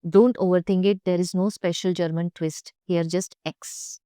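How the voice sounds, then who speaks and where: A woman's voice: lowish voice, steady tone, normal speed, warm tone, clear, resonant tone, dry recording, clean studio sound. A young woman teaching German pronunciation, speaking carefully and repeating each sound for learners. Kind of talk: pronunciation lesson.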